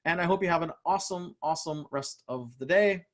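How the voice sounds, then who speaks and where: A man giving an energetic motivational talk over a video call, often repeating words and addressing the listeners directly. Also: fairly high pitch, brisk. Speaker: motivational speaker and author. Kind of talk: live online motivational talk.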